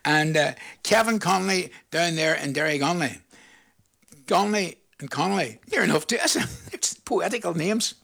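A man in his seventies with a Northern Irish accent, presenting a radio show in casual, jokey, rambling chat full of shout-outs to listeners. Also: on the high side, lively intonation, moderate pace, vocal fry. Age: 70s.

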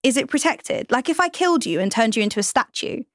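Animated, playful woman co-host. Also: sits high, fast, dry recording, clean studio sound. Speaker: podcast co-host. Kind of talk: casual chat.

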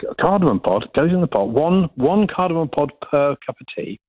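A man calling in to a radio phone-in and telling a jokey, animated story. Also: on the high side, a little fast, no room sound. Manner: jokey, animated anecdote-teller. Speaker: caller. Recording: tinny phone line.

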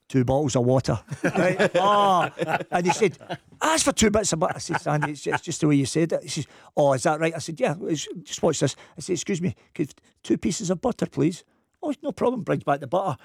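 A man's voice: on the high side, brisk, gravelly, slightly rough, dry recording, studio quality. A man with a Glasgow accent, a football coach telling a funny story in a casual chat. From Scotland. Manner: lively anecdotal storyteller.

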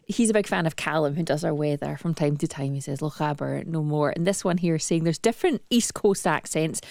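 A woman's voice: deep voice, a little fast, vocal fry, a little mellow, no room sound. A woman co-hosting breakfast radio in an enthusiastic, conversational way, on a studio microphone. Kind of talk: live radio chat.

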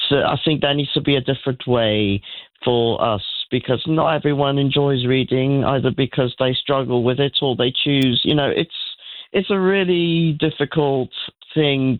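A man calling in to a radio phone-in, eager and earnest, a little halting. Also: mid-range voice, no room sound. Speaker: radio caller. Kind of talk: phone-in chat. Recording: tinny phone line.

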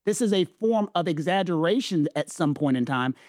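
A Southern US man with a fairly high voice breaks down legal questions in a casual chat. He leans on his stresses and repeats phrases for weight. The recording is dry and close. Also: lively intonation, moderate pace, darkish tone, no room sound. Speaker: legal analyst co-host.

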